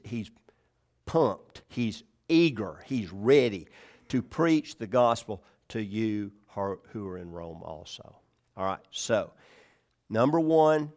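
Man, pastor, conversational sermon delivery, slow pace, folksy humor. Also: lowish voice. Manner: conversational, checks in with the congregation, asks questions. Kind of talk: sermon, verse-by-verse Bible teaching.

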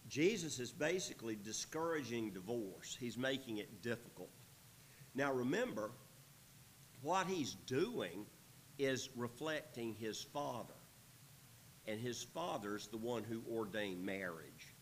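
A man's voice: medium pitch, lively intonation, unhurried, a little hiss or hum, low-quality recording. A man teaching through a Bible passage, reading verses aloud and then explaining them in an easygoing, conversational way.

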